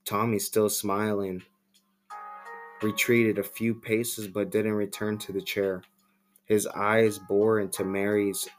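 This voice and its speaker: A man casually reading a horror story aloud on a podcast, unhurried with offhand asides. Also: fairly low pitch.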